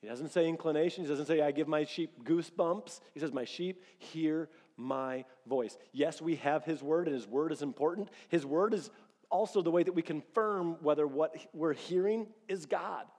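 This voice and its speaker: A male pastor delivers an animated sermon in a reverberant hall, acting out quoted dialogue as he tells stories. His voice is on the high side and moves at a normal speed.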